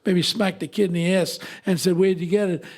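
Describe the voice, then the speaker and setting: Older New man, podcast co-host. Lively yarn-spinner, high and gravelly. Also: fairly quick. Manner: animated storyteller, acts out quoted voices. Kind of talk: casual storytelling chat.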